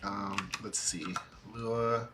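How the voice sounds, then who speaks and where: A man streaming a quiet coding study session, talking to himself in halting bits as he works. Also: on the low side, steady tone, very noisy. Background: soft music and keyboard typing.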